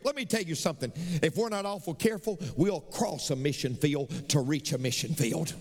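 A man's voice: a little high, big pitch swings, normal speed. A middle-aged man, preaching a sermon as pastor with emphatic, repetitive phrasing in a large church sanctuary. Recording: long reverb of a large church hall.

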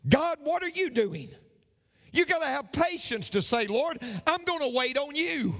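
A male pastor preaches in a high, lively voice that swoops up and down as he leans into each phrase. He takes his time, repeating key lines for emphasis, and the sound rings out with the long reverb of a big hall. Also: a little slow. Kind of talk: sermon.

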